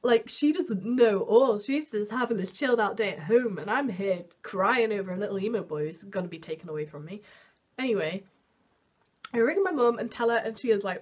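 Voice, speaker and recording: A woman's voice: expressive, fairly quick. A young woman telling a storytime to camera in a chatty, self-mocking way, full of "like" fillers and acted-out quotes. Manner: acts out quotes with big jumps in pitch. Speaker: vlogger.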